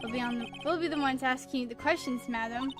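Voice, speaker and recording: Woman voicing a cool male prosecutor, formal questions, high voice, game music behind. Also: quick pace, natural voice. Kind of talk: reading game dialogue aloud. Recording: game music playing under the voice.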